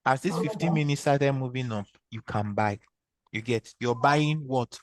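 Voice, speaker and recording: A man's voice: medium pitch, moderate pace, no room sound. A man with a Nigerian accent leads an online trading class, explaining each step and putting questions back to his students. His voice sits in the middle of a man's range and comes across dry and close, with no room sound around it. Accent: Nigerian English. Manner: patient, quizzing students with repeated questions. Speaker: trading instructor. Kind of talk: online screen-share training session.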